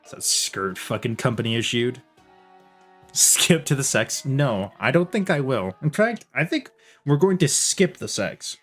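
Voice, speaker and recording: A man's voice: medium pitch, expressive, measured pace, faint music behind. A man streaming a game, riffing through casual commentary with jokes, swearing and laughter. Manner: joking, swearing, laughing banter.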